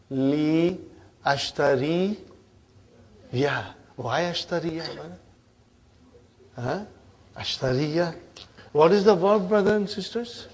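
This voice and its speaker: Middle-aged guy teaching a class, kinda high voice, talks real slow and keeps going "huh?" to check on students. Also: darkish tone. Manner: drills and repeats, checks on students often. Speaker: Arabic teacher. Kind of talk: classroom grammar lesson.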